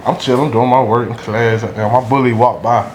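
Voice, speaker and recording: A man's voice: medium pitch, steady tone, normal speed, a little mellow. A rambling man, echoey room. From Durham, North Carolina. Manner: rambling, street slang, frequent "you know what I'm saying". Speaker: podcast guest. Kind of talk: casual storytelling. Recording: echoey room, faint background hum.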